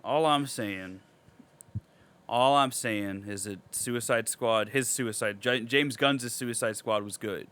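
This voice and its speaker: A young man co-hosting a podcast in casual chat. He talks excitably and swears a lot, dropping to mumbles and then jumping into loud outbursts. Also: medium pitch, slow pace, clean tone. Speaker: podcast co-host.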